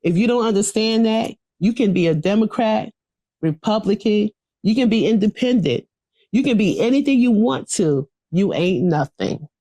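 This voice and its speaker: A woman's voice: mid-range voice, lively intonation, moderate pace, dark tone, dry recording. A woman reciting a political speech to a class over a video call, in a rhythmic, preachy call-and-response manner. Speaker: political education speaker.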